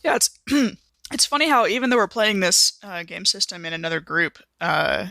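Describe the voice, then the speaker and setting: A woman's voice: mid-range voice, expressive, moderate pace, vocal fry, bright, forceful tone, no echo. A woman playing a tabletop game, chatting casually and interrupting herself. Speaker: player.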